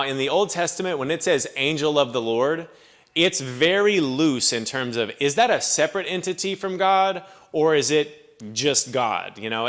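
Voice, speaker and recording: A man's voice: mid-range voice, fairly bright tone. A man preaching a sermon in a church, teaching in a conversational way with frequent asides and thinking aloud. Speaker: pastor.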